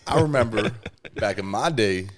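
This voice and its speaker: A man co-hosting a podcast, telling stories in a laid-back casual way with plenty of fillers. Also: on the low side. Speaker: podcast co-host. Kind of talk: casual chat.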